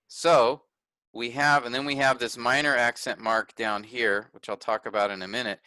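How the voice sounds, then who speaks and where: Male workshop teacher, clear bright tone, dry close sound, methodical explainer. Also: mid-range voice, no room sound. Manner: pointing things out step by step, self-correcting. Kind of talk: explaining a text on screen.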